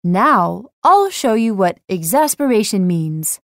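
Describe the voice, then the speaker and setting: A woman's voice: mid-range voice, big pitch swings, takes it slowly, no room sound, studio quality. A woman voicing a patient, matter-of-fact father teaching his daughter a lesson. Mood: calm, wry.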